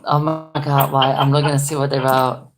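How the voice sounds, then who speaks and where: A woman's voice: very deep voice, flat delivery, moderate pace, reverberant, noisy background. A woman restoring dolls, chatting in a rambling way and exclaiming often as she sorts her supplies at home. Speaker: doll restoration vlogger. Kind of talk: casual live-stream chat. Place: home room with stored boxes.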